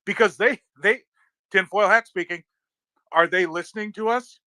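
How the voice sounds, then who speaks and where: High-voiced excitable middle-aged man. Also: normal speed, no echo. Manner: excitable, swearing storyteller. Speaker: crypto community speaker. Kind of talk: casual live audio-room chat.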